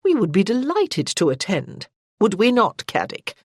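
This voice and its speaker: Narrator playing an effusive society matron, raised pitch, dry studio read. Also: female voice, wildly swooping pitch, measured pace, breathy edge, dry recording, heavily acted. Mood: gushing. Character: eager middle-aged society mother.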